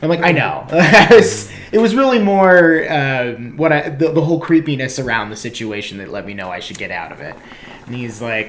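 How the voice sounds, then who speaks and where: A man's voice: medium pitch, normal speed, fairly bright tone, slight background noise. A man in casual podcast chat, telling a wry, self-mocking story. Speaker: comedian guest.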